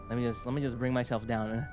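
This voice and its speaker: A young man chatting excitedly on a livestream, rambling and jumping between shouting and mumbling. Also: mid-range voice. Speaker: streamer. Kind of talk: excited casual livestream chat.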